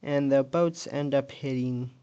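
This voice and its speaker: A man narrates his alternate-history map video in a loose, conversational way, pausing often and thinking aloud. His voice sits at an ordinary mid pitch and his delivery is slow and unhurried, and he stops to question odd details or correct himself before carrying on. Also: fairly even intonation, dark tone, clean tone, muffled recording. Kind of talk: casual narrated map commentary.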